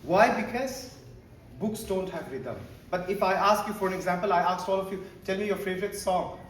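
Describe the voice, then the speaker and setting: A man leads a teacher-training session, his voice pitched high for a man and full of animated prompts to the audience. The sound is distant and echoey, as if captured from across a large hall, with clear background noise under it. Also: fairly quick. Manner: animated, mixes Hindi phrases into English, gets the audience to repeat and clap. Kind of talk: lively workshop lecture.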